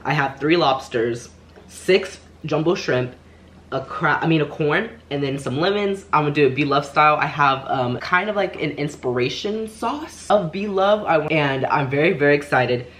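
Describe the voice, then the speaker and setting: A young man chatting excitably as he sets up and eats a seafood mukbang. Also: on the high side, normal speed. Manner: excitable, chatty, loud exclamations at spicy food. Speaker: vlogger. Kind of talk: mukbang eating vlog. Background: background music.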